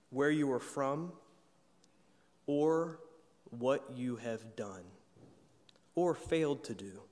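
A pastor preaching a sermon with earnest emphasis, building to emphatic peaks. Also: male voice, medium pitch. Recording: long reverb of a church hall.

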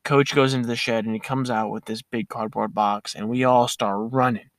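A young man casually telling a funny story, animated and often laughing. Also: mid-range voice, normal speed, dry recording, studio quality.

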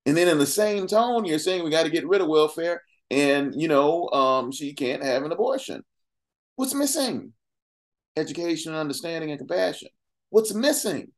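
A man talking as a podcast guest in an impassioned, conversational way, firing off rhetorical questions between casual fillers and asides. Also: a little high. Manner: emphatic, fires off rhetorical questions.

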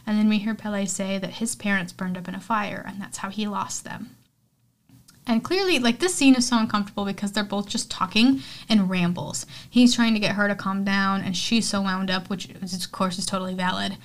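This podcast host rambles casually through a movie recap, saying "like" constantly and swearing freely. She has a medium-pitched voice with fairly even intonation and a fairly quick delivery.

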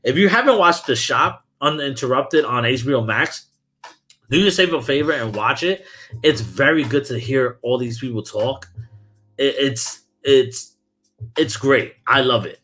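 A man's voice: medium pitch, expressive, unhurried, pushed and bright, faint music behind. A man from Brooklyn, hosting a casual podcast and ranting about sports in heated, profane talk. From Brooklyn, New York. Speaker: podcast host.

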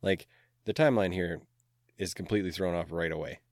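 A man's voice: sits low, steady tone, a little fast, no room sound, studio quality. A man co-hosting a podcast, recapping a movie in a laid-back, rambling way and laughing often. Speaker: podcast co-host. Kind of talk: casual movie recap chat.

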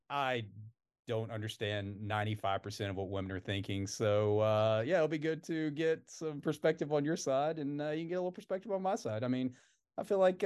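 A man's voice: fairly high pitch, a little mellow, smooth. A young man co-hosting a podcast in casual chat, laid-back, with many fillers and easy laughs. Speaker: podcast co-host.

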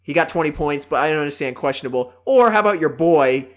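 A man's voice: fairly high pitch, expressive, fast talker. A man co-hosting a casual fantasy football podcast, teasing a friend in a matter-of-fact way. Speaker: fantasy league co-host.

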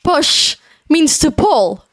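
Young Portuguese woman, student guest, animated storyteller, higher pitch. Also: very slow, dry recording, studio quality. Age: young adult. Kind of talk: casual podcast chat.

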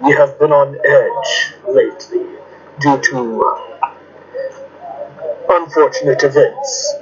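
A man voicing a calm adventurer who speaks in stiff, formal sentences, on a lo-fi recording. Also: medium pitch, slow pace, close to an everyday voice. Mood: reassuring.

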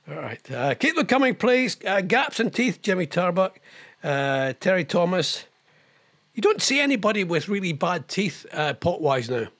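An older man hosts a casual live online radio show, rambling and chatting about old television, reading viewer messages, and tossing in quick impressions and laughs. His voice sits high and sounds a bit bright.

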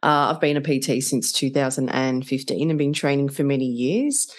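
A woman hosting a relationship podcast, upbeat and lively in casual chat, laughing easily with her guests. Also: rumbling low, moderate pace. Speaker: podcast host.

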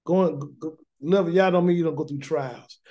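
Emphatic high-voiced male Bible teacher. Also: moderate pace, mellow. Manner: preachy, emphatic, repeats words and asks rhetorical questions; colloquial Southern-leaning speech with "y'all" and "gonna". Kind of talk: informal Torah study sermon.

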